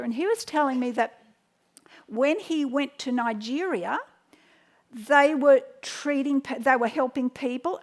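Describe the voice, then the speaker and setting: Aussie lady teaching home remedies, high voice, tells stories w lots of restarts. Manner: storytelling, animated quotes, frequent restarts. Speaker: health educator. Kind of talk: teaching by anecdotes.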